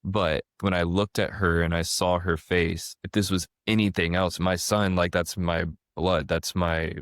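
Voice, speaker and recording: A deep-voiced man in his thirties hosts a podcast conversation. He tells animated stories and often restarts his sentences. His voice sounds close and dry, with no room echo. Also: unhurried, clean tone. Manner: animated storyteller, frequent restarts. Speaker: podcast host. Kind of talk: casual conversation.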